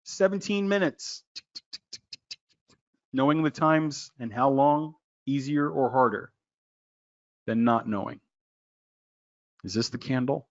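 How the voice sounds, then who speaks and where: A man teaching a trading lesson in an excitable, loud, jokey way, quizzing his listeners by name. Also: medium pitch, slow, long pauses, muffled recording. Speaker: trading educator. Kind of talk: animated screen-share trading lesson.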